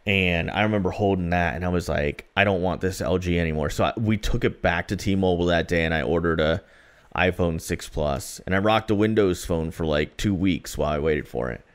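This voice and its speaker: A man's voice: low-pitched, brisk. A man co-hosting a podcast, chatting casually and telling rambling stories with plenty of fillers. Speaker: podcast co-host.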